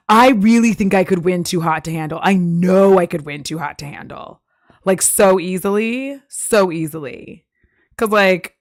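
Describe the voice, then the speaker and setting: A woman's voice: on the low side, no room sound, studio quality. A young woman streaming from home, chatting casually with lots of giggles and filler words. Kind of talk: casual live-stream chat.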